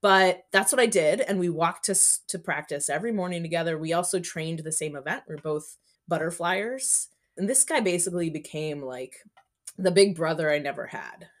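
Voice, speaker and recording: A woman's voice: on the low side, moderate pace. A woman in her forties, a podcast guest telling stories in a candid, chatty way. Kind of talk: casual interview storytelling.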